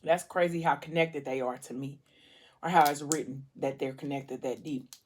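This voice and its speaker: A woman's voice: deep voice, fairly even intonation, moderate pace, a little mellow. A woman vlogger chatting casually, telling a story while she eats between phrases. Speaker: mukbang vlogger. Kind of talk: casual chat.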